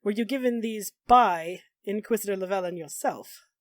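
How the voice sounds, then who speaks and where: Woman GM doing a stern older male elf keeper, grave and formal, low and dry. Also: normal speed, dry recording, close to an everyday voice.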